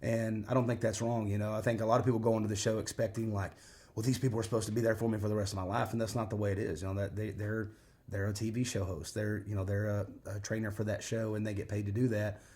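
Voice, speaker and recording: A man's voice: lowish voice, little pitch movement, quick pace, a little mellow. A man, a guest chatting casually in an interview and rambling with lots of fillers. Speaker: former weight-loss show contestant, guest.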